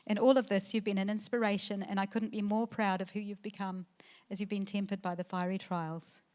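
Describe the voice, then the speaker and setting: A middle-aged woman, the mother of the bride, giving a wedding reception speech into a handheld mic, emotional and halting, with fillers and restarts. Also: medium pitch, little pitch movement, a little mellow. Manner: emotional, tearful at times, laughing through the speech. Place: wedding reception venue, indoors.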